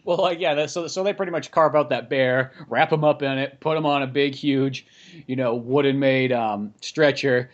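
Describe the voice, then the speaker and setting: A man's voice: mid-range voice, steady tone, normal speed, dull audio. A man co-hosting a podcast, casually recapping a film with filler words and joking character lines. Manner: loose and rambling, jokes with put-on character lines. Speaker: podcast co-host. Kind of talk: casual movie chat.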